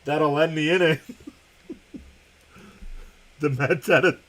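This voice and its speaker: A man's voice: steady tone, slow pace, fairly bright tone. A young man hosting a live stream, giving casual play-by-play of a baseball game, reading viewer comments and laughing often. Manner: laughs often while calling pitches and reading chat.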